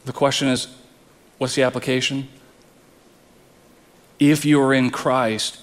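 A man's voice: on the high side, measured pace, pauses often, a bit bright, in a large hall. A man preaching a sermon as pastor, earnest, often repeating words as he presses a point.

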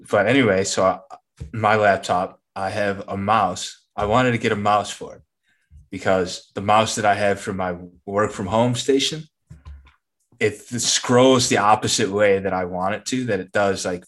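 A man co-hosting a casual podcast, talking in a low-key, rambling, relaxed way. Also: measured pace. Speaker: podcast co-host.

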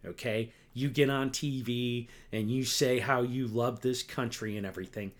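Hosting a podcast alone, a middle-aged man delivers an angry, profanity-heavy rant, repetitively asking "right?" and "okay?" after his points. He speaks at a moderate pace in a mid-range voice with fairly even intonation.

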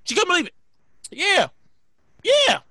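A woman hosting a podcast, telling a story in a casual, animated way, swearing and repeating her lines. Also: very high voice, a little slow, no echo, clean studio sound. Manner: animated, profane, repeats herself. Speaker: podcast host.

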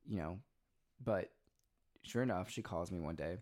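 A man's voice: low-pitched, normal speed, darkish tone. A man in his twenties, a podcast co-host, telling personal stories in casual chat, rambling with lots of "like" and "you know". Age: 20s. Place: Los Angeles.

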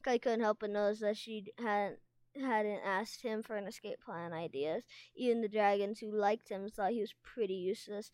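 A woman reading a children's fantasy novel aloud at a steady pace, with small stumbles. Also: medium pitch, moderate pace, dry recording. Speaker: reader.

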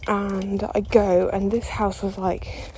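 A woman's voice: medium pitch, level tone, takes it slowly, darkish tone, a little hiss or hum, poor audio. A young woman telling a story as a podcast host, chatty and self-mocking, full of fillers and the odd swear. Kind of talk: casual storytelling monologue.

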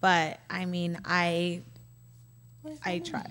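A woman's voice: fairly low pitch, steady tone, very slow, a bit bright. Playful teasing woman co-host. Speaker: podcast co-host. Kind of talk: casual chat.

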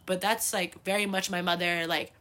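A young adult woman hosting a podcast, telling animated, profane, laughing family stories in a casual way. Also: on the low side, normal speed. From United States. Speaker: podcast host. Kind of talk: casual storytelling.

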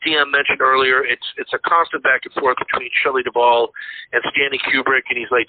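A man's voice: mid-range voice, level tone, a little fast. A man co-hosting a casual movie podcast, retelling film anecdotes and acting out the quotes. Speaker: podcast co-host. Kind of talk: casual chat. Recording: dry, tinny phone-like sound.

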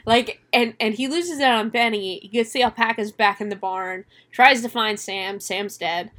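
A woman's voice: on the high side, normal speed, fairly bright tone. A young woman co-hosting a casual movie review chat, swearing freely, laughing often and acting out the characters. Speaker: podcast co-host.

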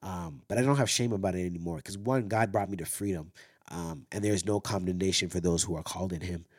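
A man hosting a solo faith podcast who shares a personal testimony openly and earnestly, with his voice going hoarse. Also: low-pitched, brisk, darkish tone. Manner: earnest, open, ends in spoken prayer. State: losing his voice. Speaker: podcast host.

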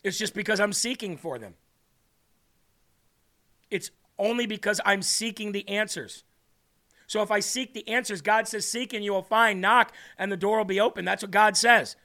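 Earnest high-voiced man hosting a faith podcast. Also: normal speed, pushed and bright. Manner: earnest, emotional, reads comments aloud. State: tearing up. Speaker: podcast host. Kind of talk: reading live chat on a faith podcast.

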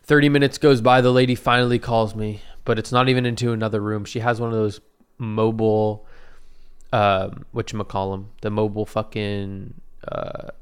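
A man's voice: fairly low pitch, clear, resonant tone. A man in his twenties casually telling a rambling, profane story about his own day, with self-deprecating asides.

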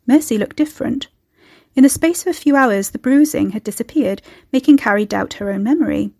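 A woman's voice: fairly high pitch, brisk, vocal fry, dry recording. A woman reading her own story aloud and voicing every character expressively. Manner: expressive, does all the character voices. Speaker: audiobook narrator.

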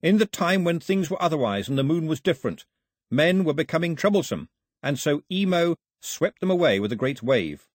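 Fierce island boy, sharp and quick, husky, voiced by the narrator. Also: a little high, lively intonation, no echo, clean studio sound, pitched above the performer's own voice. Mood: urgent. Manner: blunt, fast, sharp.

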